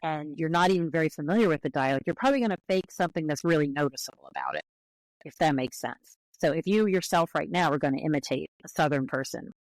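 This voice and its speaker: A woman's voice: low voice, expressive, fast, dry recording, low-quality recording. A woman guest on an interview, speaking as a linguist in a careful, explanatory way with frequent restarts.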